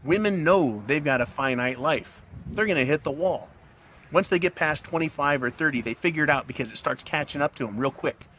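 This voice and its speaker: Brisk and fairly high-pitched, this middle-aged man has a slightly bright voice over slight background noise. He hosts a commentary channel, smoking a cigar as he rambles crudely and bluntly to the camera and keeps asking "right?"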